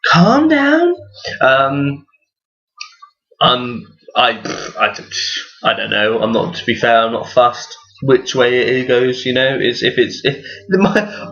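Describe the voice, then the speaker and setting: A man's voice: medium pitch, a bit bright. Rambling, profane young-sounding man. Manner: profane, rambling, laughs often. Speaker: vlogger. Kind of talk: casual rambling monologue. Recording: dull lo-fi recording.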